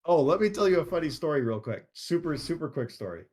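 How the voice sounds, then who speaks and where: A man's voice: on the high side, big pitch swings, fast, a little mellow, breathy edge. A man co-hosting a live stream, telling stories casually and rambling with lots of fillers and restarts. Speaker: co-host. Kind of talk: casual chat about a card game.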